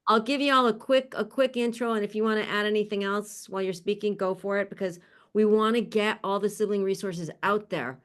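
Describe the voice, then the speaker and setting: A woman's voice: mid-range voice, fairly even intonation, brisk. A woman hosting an online panel, introducing speakers in an upbeat, chatty way over a video call. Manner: upbeat and chatty, laughs often. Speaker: conference host introducing a panel. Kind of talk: casual spoken introductions.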